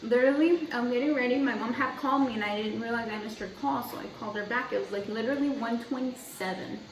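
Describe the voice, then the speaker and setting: A woman's voice: fairly high pitch, fast. Chatty young woman in an echoey room. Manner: chatty, rambling, heavy use of "like". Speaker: vlogger. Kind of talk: casual storytelling. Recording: echoey room, mic at a distance.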